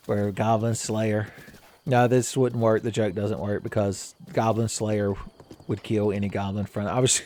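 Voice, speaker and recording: A man's voice: lowish voice, flat delivery, takes it slowly, a little mellow. A man giving casual, rambling gameplay commentary as a let's play host, joking and laughing often.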